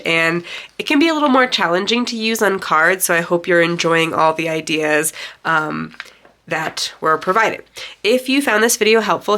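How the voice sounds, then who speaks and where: A woman's voice: fairly low pitch, bright, forceful tone. A woman with a congested, nasal voice from being sick, chatting casually and rambling a little while she explains a card-making tutorial. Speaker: craft channel host. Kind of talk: casual craft tutorial narration.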